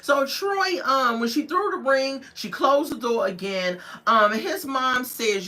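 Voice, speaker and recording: A woman recapping a reality TV episode as a casual, outspoken commentator. She tells the story in an animated, gossipy way and judges the people in it bluntly. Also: high-pitched, takes it slowly, hardly any pauses. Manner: outspoken and judgmental. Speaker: TV show reviewer.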